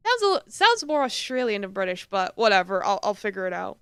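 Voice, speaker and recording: A woman's voice: medium pitch, sing-song, a little fast, few pauses, a bit bright, clear, resonant tone, dry recording, clean studio sound. A woman streamer chatting playfully through a live game playthrough, often laughing and reacting to the dialogue.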